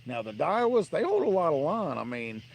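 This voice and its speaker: A man's voice: on the high side, very animated, normal speed, creaky, a little hiss or hum. Blunt man ranting outdoors. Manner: blunt, rambling, dismissive. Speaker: fishing livestream host. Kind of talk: casual live-stream rant.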